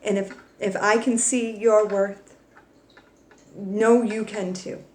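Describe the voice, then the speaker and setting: A woman's voice: medium pitch, steady tone, slow pace. Woman doing a tarot reading, talks straight and swears a bit, gets real emotional, echoey room. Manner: blunt, swears freely, pep-talk tone; emotional, warm and affectionate toward viewers. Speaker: tarot reader. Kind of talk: casual tarot reading to camera.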